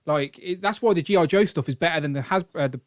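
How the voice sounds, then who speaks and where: A man's voice: a little high, fast talker. A British man hosting a toy collecting live stream, rambling and joking as he thanks donors. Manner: rambling and jokey, reads out donations. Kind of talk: casual live-stream chat.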